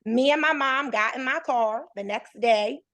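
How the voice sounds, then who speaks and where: A woman in her thirties with a high-pitched voice speaks unhurriedly as a podcast guest, sharing a personal story in casual conversation. She's an animated storyteller who acts out the voices of the people involved.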